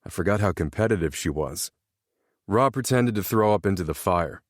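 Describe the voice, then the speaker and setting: Lively male audiobook narrator. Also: low voice, moderate pace, no echo, clean studio sound. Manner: lively, expressive storytelling. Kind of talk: first-person romance audiobook narration.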